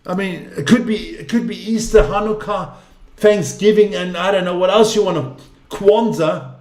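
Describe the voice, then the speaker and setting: A man's voice: high voice, normal speed, darkish tone. A man giving casual live commentary on a basketball game, exasperated and ranting, swearing freely. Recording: echoey room.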